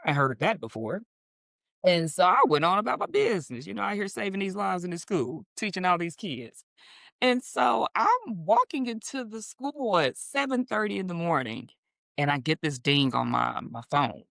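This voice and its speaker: Animated middle-aged woman telling a story. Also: fairly low pitch, normal speed, vocal fry, no room sound. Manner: animated, acts out quoted voices. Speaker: guest teacher. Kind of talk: casual storytelling in conversation.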